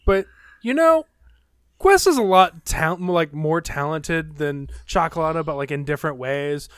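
A man's voice: fairly high pitch, animated, unhurried, fairly bright tone, smooth, no room sound, studio quality. A man co-hosting a casual anime podcast who rambles with lots of fillers and sounds amused as he talks. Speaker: podcast co-host. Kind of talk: casual anime discussion chat.

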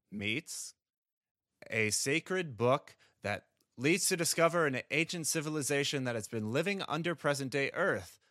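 Man, quiz host, fairly high bright voice, dry close sound, reads clues and counts down. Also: no echo. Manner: counts down and rules answers correct or incorrect. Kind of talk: reading quiz questions, casual game.

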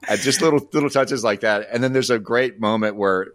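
A man co-hosting a podcast, talking easily about old TV shows, thinking out loud as he goes. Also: fairly low pitch, brisk, dry recording, clean studio sound. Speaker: podcast co-host.

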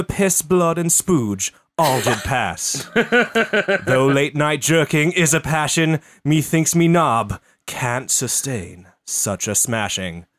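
A man's voice: fairly high pitch, fairly bright tone, no echo, clean studio sound. A man putting on a hammy Scottish poet. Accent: put-on Scottish. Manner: theatrical, slow dramatic delivery. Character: man doing a Sean Connery-style Scottish voice. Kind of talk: comic poetry reading.

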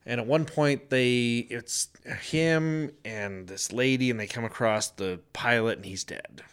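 Man, casual podcast chat, animated storyteller who voices the quotes and laughs often. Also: medium pitch, unhurried, smooth.

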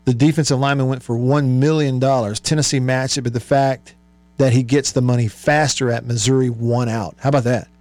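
A man's voice: medium pitch, fairly even intonation, a little fast, darkish tone, no room sound. A man hosting a sports call-in show, reading listener texts aloud and musing over them in a chatty way, with many fillers. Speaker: sports radio host.

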